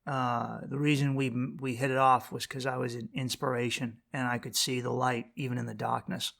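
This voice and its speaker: A man's voice: medium pitch, level tone, moderate pace, vocal fry, a bit bright. A man hosting his own podcast alone, rambling bluntly and profanely, often restarting sentences and throwing rhetorical questions at the listener. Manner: rambling, profane, self-interrupting with frequent restarts. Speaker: podcast host. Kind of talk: casual solo podcast monologue.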